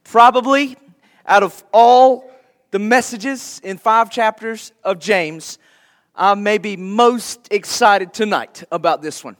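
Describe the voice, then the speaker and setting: Guy preaching in church, fairly high voice, chatty and easygoing, laughs a bit. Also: takes it slowly, fairly bright tone. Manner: conversational preaching with light laughs. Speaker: pastor. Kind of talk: sermon.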